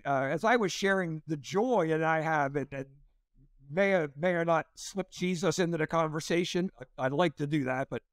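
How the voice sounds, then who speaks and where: A man's voice: fairly high pitch, no echo, clean studio sound. A man in his sixties, a pastor and comedian, telling a story as an interview guest and acting out the quotes with a raised voice.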